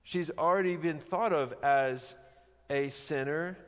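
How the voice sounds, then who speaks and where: Slow, emphatic male preacher in reverberant hall. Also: fairly high pitch. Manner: conversational teaching, rhetorical questions, emphatic. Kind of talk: sermon.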